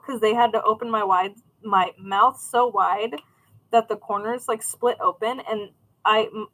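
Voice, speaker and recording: In a rough recording, a young woman with a fairly high, bright, forceful voice runs a crafting livestream. Chatty and rambling, she talks casually with live viewers, picking out their questions from chat and responding.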